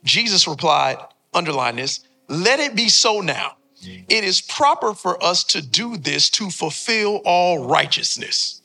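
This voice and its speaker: A man's voice: high-pitched, bright, forceful tone, breathy edge. A young man preaching a sermon as a pastor in a church, joking and trading call-and-response with the congregation. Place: church sanctuary before a congregation.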